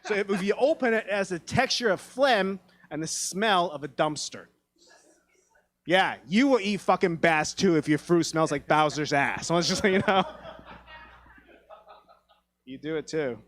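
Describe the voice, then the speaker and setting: A man from Taiwan, with a high voice, delivers stand-up comedy on a theatre stage at a measured pace with long pauses. His storytelling is animated, and he acts out other people's voices.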